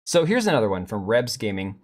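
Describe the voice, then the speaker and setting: A man's voice: fairly low pitch, very animated, a little fast. A middle-aged man hosting a live stream, rambling bluntly with profanity as he reads and answers chat.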